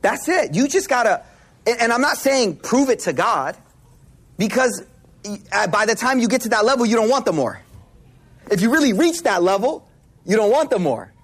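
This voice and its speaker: A man from Buffalo giving a casual Islamic lesson, an animated storyteller mixing slang and Arabic terms. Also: very high voice, moderate pace, breathy edge. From Buffalo, New York, US. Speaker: Islamic teacher.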